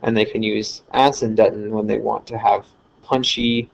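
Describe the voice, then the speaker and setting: A man with a lowish voice, little pitch movement, and some vocal fry talks at a normal speed over slight background noise. He's casually lecturing in a screen recording, loose and full of fillers and self-corrections, with slightly dull lo-fi audio quality.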